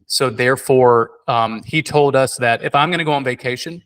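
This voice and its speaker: A man in casual podcast conversation, spinning an animated personal story. His voice has a bright, pushing quality. He stumbles, restarts and piles on fillers as he goes. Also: mid-range voice, moderate pace. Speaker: podcast host.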